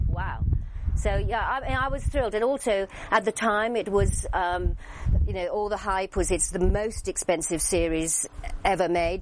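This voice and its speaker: A woman's voice: mid-range voice, noisy background. An older woman with an English accent, telling anecdotes in an interview, chatty with many fillers and restarts. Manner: lively storyteller, acts out quoted voices. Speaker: actress interviewee.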